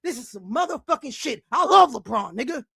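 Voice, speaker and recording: A man hosting a basketball fan show, ranting angrily with heavy profanity and frequent shouting. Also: very high-pitched, sing-song, a little fast, gravelly, slightly rough, dry recording, clean studio sound. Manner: angry, profane, often shouting. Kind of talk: heated fan rant.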